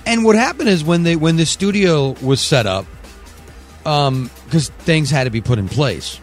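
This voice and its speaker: A man hosting a live podcast from a studio, talking in a loud, profane, sing-song hype style. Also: fairly high pitch, lively intonation, normal speed, soft background music. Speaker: podcast host. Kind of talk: casual live show banter.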